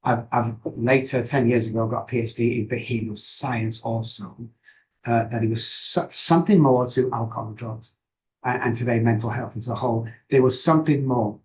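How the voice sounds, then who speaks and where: A middle-aged man speaks as an interview guest, and his voice sits at an ordinary mid pitch. He tells his story frankly and haltingly, pausing and restarting his sentences. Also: a little mellow, rough recording. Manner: candid, halting, with frequent pauses and restarts. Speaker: guest, addiction recovery expert.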